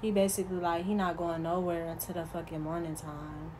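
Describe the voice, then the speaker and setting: A woman's voice: fairly low pitch, flat delivery, fairly quick, noisy background. A woman vlogger telling a casual storytime, profane and emphatic, talking straight to her viewers.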